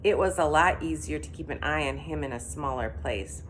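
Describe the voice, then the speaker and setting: A woman reading a children's story aloud in an expressive, animated way. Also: low-pitched, moderate pace, a little hiss or hum. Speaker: reader.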